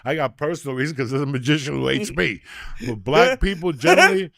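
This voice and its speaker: A man in his sixties hosting a podcast, telling stories casually in a profane, rowdy way that gets loud when he is excited. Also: on the high side, fast talker, no room sound, clean studio sound. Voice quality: gravelly. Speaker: podcast host.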